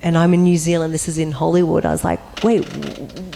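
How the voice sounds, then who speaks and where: A woman on a convention panel telling an animated anecdote, acting out voices and breaking into high, laughing squeals. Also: fairly quick, creaky, a little hiss or hum, rough recording.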